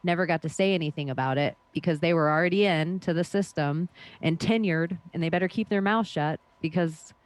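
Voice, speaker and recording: A woman with a lowish voice holding forth on a podcast. She is blunt and swears freely, pressing her points in long emphatic rants. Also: fairly quick, no echo. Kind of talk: casual podcast chat.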